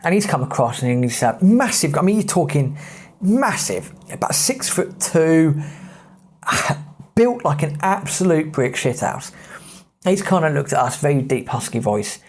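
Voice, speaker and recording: A man's voice: fairly high pitch, expressive, unhurried, a little hiss or hum. An English man with an English accent, telling a travel story in a chatty, rambling way as a podcast host. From England. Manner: chatty, rambling, with many fillers.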